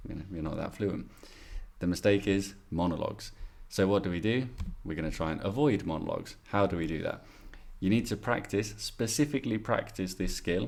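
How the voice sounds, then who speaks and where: Man, english teacher, video lesson, deep gravelly voice, chatty explanations. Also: darkish tone. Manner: chatty, explains with asides and demonstrations. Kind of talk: exam-prep video lesson.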